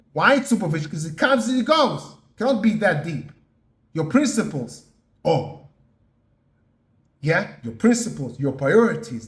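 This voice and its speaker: Earnest guy giving a motivational talk, slow emphatic bits, keeps saying yeah?. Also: high-pitched, roomy sound. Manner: earnest, repeats "yeah?" and "okay?" as check-ins, slow emphatic phrasing. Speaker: motivational podcast host.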